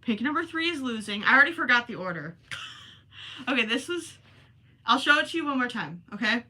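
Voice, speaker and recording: A woman's voice: fairly high pitch, very animated, brisk, pushed and bright. A woman with a Minnesotan accent hosting a casual livestream from home, chatting with viewers, reading their comments and often apologizing with a self-deprecating tone. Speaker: livestream host. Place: home, indoors.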